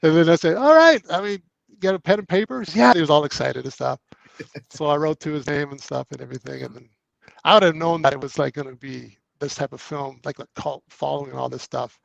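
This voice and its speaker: A man's voice: a little high, fairly even intonation, quick pace, creaky, dry recording, highs cut off. A man, an actor guest, telling anecdotes in casual storytelling, acting out both sides of conversations and laughing often.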